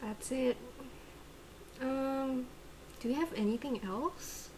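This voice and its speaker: A woman's voice: sits high, takes it slowly, darkish tone, a little hiss or hum, poor audio. A woman in casual chat, giving short, affectionate reactions.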